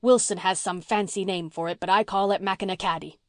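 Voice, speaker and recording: A woman voicing a blustering, gruff old farmer man in an audiobook, bossy and teasing, repeating himself as he talks. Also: medium pitch, fairly even intonation, fairly quick, dry recording, natural voice. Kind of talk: audiobook reading.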